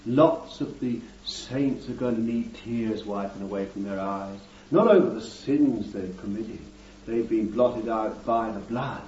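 Slow, mellow-voiced man preaching a sermon. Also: medium pitch, slight background noise. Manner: fervent preaching, addresses listeners as beloved, interjects amen and hallelujah. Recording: dull distant recording in a roomy hall.

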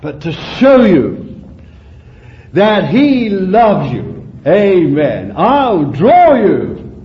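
A male preacher delivering an impassioned sermon that rises and falls, with drawn-out phrases. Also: sits high, wildly swooping pitch, slight background noise. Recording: roomy, dull lo-fi recording.

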